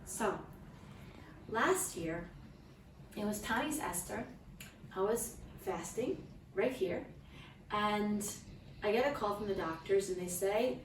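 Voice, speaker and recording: A woman's voice: mid-range voice, expressive, a little hiss or hum. Heartfelt woman telling a story from afar. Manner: heartfelt, halting, restarts often, prays aloud. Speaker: mother sharing a testimony at a gathering. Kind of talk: emotional personal storytelling to a small audience. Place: room with guests present. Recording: distant mic in an echoey room with faint ambience.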